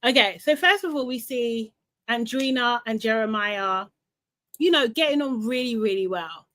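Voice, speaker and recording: A woman's voice: a little high, normal speed. Ranting young woman live-stream host. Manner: animated and ranting, with frequent laughs and repeats. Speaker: host of a live reality TV recap show. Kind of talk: casual live-stream chat.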